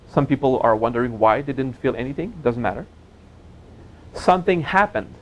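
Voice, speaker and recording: A man teaching a spiritual seminar in a gentle, playful way, joking with his audience and laughing at his own jokes. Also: fairly high pitch, low-quality recording. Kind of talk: relaxed seminar talk.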